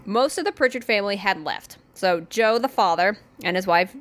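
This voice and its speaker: A woman's voice: mid-range voice, normal speed, a little hiss or hum. A woman hosting a podcast, telling a haunting story in a casual, rambling way with plenty of swearing and asides.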